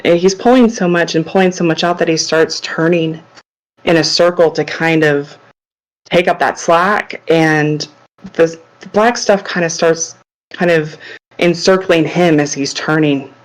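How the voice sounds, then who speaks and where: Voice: mid-range voice, rough recording. An adult on a podcast casually recounting a vivid dream, retelling their own thoughts aloud with lots of likes. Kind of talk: casual storytelling.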